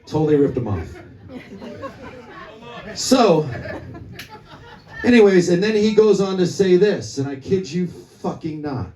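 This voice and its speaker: A man's voice: high-pitched, animated, takes it slowly, long pauses, background noise. A man who plays music, telling a long, rambling, swear-filled anecdote to a crowd from the stage of a small club. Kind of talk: onstage storytelling at a live gig. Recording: echoey club, from a distance.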